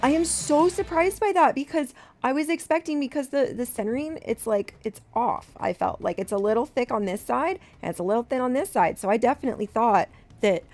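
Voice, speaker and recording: A woman in her thirties chatting excitedly as she opens graded trading cards, gasping and repeating herself. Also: on the high side, brisk, few pauses, soft background music. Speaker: card collecting vlogger. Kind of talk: excited unboxing chat.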